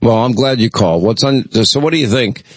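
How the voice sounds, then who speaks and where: A man hosts a call-in radio show in a loose, chatty way, wandering through stories and restarting his sentences. His voice sits at an ordinary middle pitch and sounds close and dry, with no room around it. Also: a little fast, slightly rough, no room sound. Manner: rambling, chatty storytelling with many restarts. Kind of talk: casual talk radio chat.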